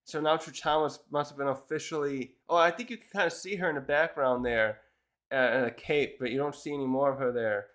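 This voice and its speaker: A man's voice: medium pitch, a little fast, fairly bright tone. A man casually reviewing a manga chapter, retelling it in a rambling way with many restarts.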